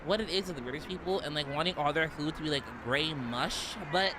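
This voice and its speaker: A man's voice: on the high side, brisk, background noise. A young man streaming casually, rambling and giggling, with lots of "like" fillers. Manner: rambling, giggly, heavy use of "like". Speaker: vtuber streamer.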